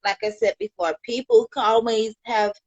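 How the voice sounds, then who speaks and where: A woman's voice: a little high, sing-song, normal speed, no room sound, highs cut off. A woman from Chicago on a livestream, talking with heartfelt, rambling thanks to her viewers and peppering her talk with "you know". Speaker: livestream host.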